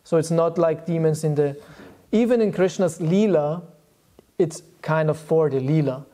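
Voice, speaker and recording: A man giving a relaxed devotional talk to a group, chuckling often as he tells stories. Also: on the high side, moderate pace. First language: German. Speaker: spiritual teacher.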